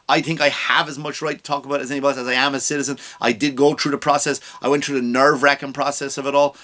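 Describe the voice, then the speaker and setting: Ranting man, bright forceful voice. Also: mid-range voice, flat delivery, very fast. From abroad, immigrant to the US. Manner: ranting, profane, mocking impressions. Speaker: comedian and podcast host. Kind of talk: comedic rant.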